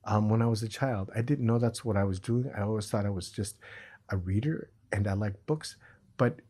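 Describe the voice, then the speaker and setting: A middle-aged man talking about recovery as a podcast guest, earnest and reflective with a dry sense of humor, in a husky voice. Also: on the low side, moderate pace, mellow. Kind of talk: reflective conversation.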